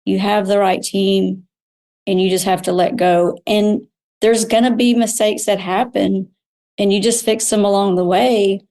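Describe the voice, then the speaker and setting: Speaking at a slightly slow pace with a steady, warm, medium-pitched voice, a middle-aged medical spa owner tells her own stories as an interview guest. The conversation is candid, and she often starts her sentences over.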